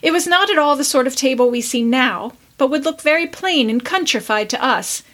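A woman podcast host reading a classic story aloud with measured, expressive narration. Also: high-pitched.

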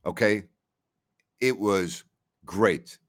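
A man's voice: fairly low pitch, very slow. A middle-aged man from New York hosting a casual talk show, chatting with stream listeners and telling stories where he often repeats words and quotes people.

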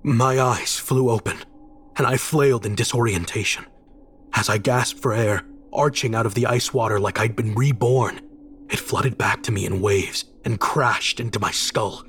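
A man reading a horror story aloud in a measured, dramatic scripted narration. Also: medium pitch, fairly bright tone, slightly rough.

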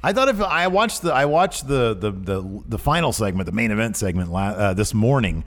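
Lively rambling podcast guy. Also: lowish voice, moderate pace. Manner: rambling, animated, jokey asides. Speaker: podcast co-host. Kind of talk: casual podcast chat.

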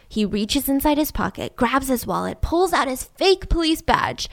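A woman telling a story in a casual, animated way with wry asides. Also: fairly high pitch, normal speed, few pauses.

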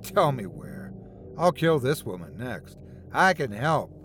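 Arrogant, cruel wealthy man, snarling and defiant, lively delivery, voiced by the narrator. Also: mid-range voice, slow, faint music behind. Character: rich, cruel, arrogant middle-aged man.

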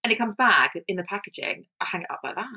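A middle-aged woman chats as a podcast co-host, her voice bright and swinging widely in pitch. She tells stories animatedly and slips into high mimicking voices. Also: expressive, fast talker, husky, muffled recording. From England. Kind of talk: casual chat.

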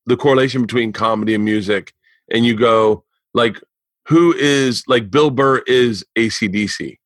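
A man's voice: medium pitch, moderate pace, no room sound. A man hosting a podcast, talking loosely and asking curious questions, swearing now and then in casual chat. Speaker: podcast host.

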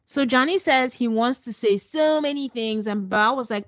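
A woman's voice: fairly high pitch, normal speed, hardly any pauses, no room sound. A woman co-hosting a casual recap chat, blunt and sarcastic as she retells what happened. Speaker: podcast co-host.

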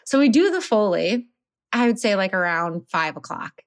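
A woman in her thirties casually telling her birth story as a podcast guest, animated and laughing often. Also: mid-range voice, normal speed, no room sound, studio quality.

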